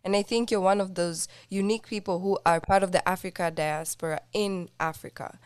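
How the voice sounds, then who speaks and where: A woman from Kenya hosting an interview podcast, asking thoughtful, measured questions. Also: medium pitch, fairly even intonation, clean tone, no echo. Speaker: podcast host.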